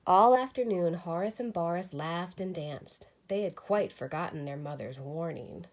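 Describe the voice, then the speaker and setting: A woman teacher reading a children's storybook aloud with lively expression. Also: on the low side, normal speed.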